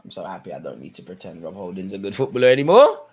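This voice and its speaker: A young man, commentating live on a football match for his viewers and shouting at the screen. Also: low voice, racing, husky. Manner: excitable, swings from muttering to shouting at the screen. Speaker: football watchalong host. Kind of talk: live watchalong commentary, casual.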